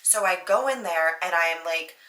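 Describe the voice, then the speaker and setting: Chatty young woman podcaster, bright voice. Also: fairly low pitch, moderate pace. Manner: chatty, animated, lots of "like", acts out quotes. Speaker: podcast host. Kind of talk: casual storytelling monologue. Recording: echoey room.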